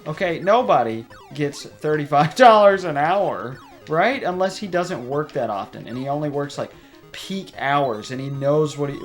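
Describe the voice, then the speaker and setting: A young man hosting a game playthrough, chatting casually and rambling off on tangents while he laughs often. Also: mid-range voice. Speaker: let's play host. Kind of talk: gameplay commentary. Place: home room.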